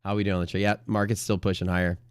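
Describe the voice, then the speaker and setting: Trader host, low voice, dry close sound, jokey, then pitches his classes. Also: flat delivery, rapid-fire, smooth, no room sound. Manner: joking, laughs at his own jokes. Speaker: day trading stream host. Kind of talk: casual live-stream chat.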